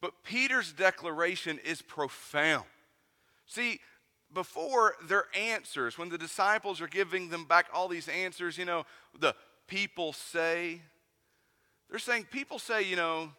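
A man's voice: high-pitched, unhurried, bright, forceful tone. A man with an East Tennessee Southern accent, preaching a conversational sermon full of questions to his congregation. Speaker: pastor. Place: church sanctuary. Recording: long reverb of a church hall.

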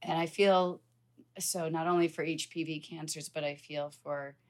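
A woman's voice: low-pitched, fairly even intonation, normal speed. A woman guest on a podcast, speaking candidly and bluntly in casual conversation.

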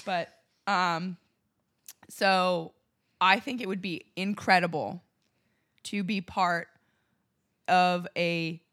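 A woman co-hosting a podcast, joking crudely and laughing loudly in casual chat. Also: fairly low pitch, steady tone, extremely slow, pauses often. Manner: loud laughs, crude jokes, enthusiastic. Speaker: podcast co-host.

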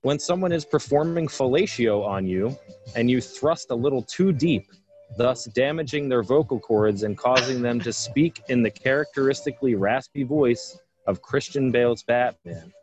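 A man's voice: mid-range voice, moderate pace, a little mellow, soft background music. Man with dry, incredulous questions. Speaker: podcast co-host. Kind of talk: casual comedic chat.

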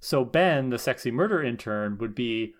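A podcast co-host with a wry, teasing manner in a casual recap chat. The voice swings widely in pitch and sounds animated and lively. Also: moderate pace. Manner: wry, teasing, playfully ironic.

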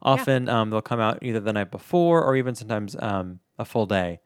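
A man's voice: fairly low pitch, lively intonation, fairly quick, clean tone, no room sound, studio quality. A man co-hosting a podcast, chatting casually through the show's outro and plugs. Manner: chatty, self-deprecating. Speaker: podcast co-host.

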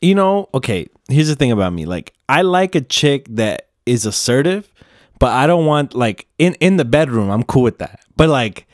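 A man hosting a casual podcast, reacting with hype and explaining himself in halting bits. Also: mid-range voice, big pitch swings, dry recording, clean studio sound. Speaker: podcast host.

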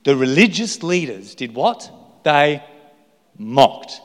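A man's voice: mid-range voice, animated, moderate pace, fairly bright tone. A male pastor preaching an emphatic sermon full of rhetorical questions in a large church hall. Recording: long hall reverb.

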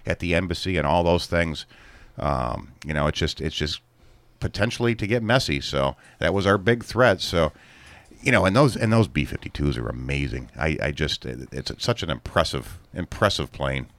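A man co-hosting a casual talk show, speaking haltingly and often repeating words. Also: very deep voice, lively intonation, fairly bright tone, no room sound. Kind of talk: casual chat.

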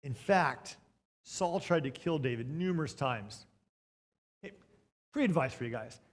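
A man preaching a storytelling sermon, swinging between loud bursts and hushed moments, with joking asides to the congregation. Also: a little high, animated, a little slow.

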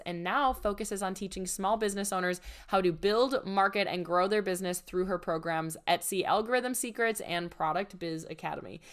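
A woman hosting a business podcast, hoarse and nasal from a cold, talking in an upbeat, chatty, emphatic way. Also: medium pitch. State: hoarse and congested from illness. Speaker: podcast host. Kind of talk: casual podcast chat.

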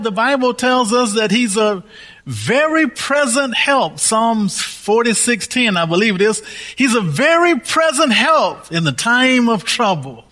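A man's voice: sits high, fairly bright tone. A male pastor preaching a sermon, repeating key phrases for emphasis and leading the congregation in spoken declarations.

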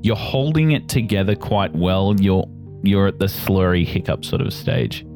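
Deep-voiced male game master. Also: moderate pace, soft background music. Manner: relaxed, descriptive narration. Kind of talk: narrating a tabletop game.

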